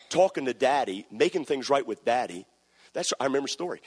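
A man preaching a sermon, telling stories and building from quiet narration to loud exhortation. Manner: builds from low conversational storytelling to shouted exhortation. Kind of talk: sermon with storytelling. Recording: long hall reverb.

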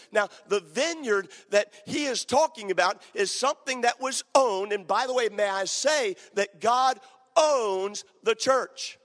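A pastor preaching a sermon, building emphasis through repeated phrases. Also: male voice, sits high, expressive, unhurried, fairly bright tone, long reverb tail. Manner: emphatic, repetitive preaching cadence.

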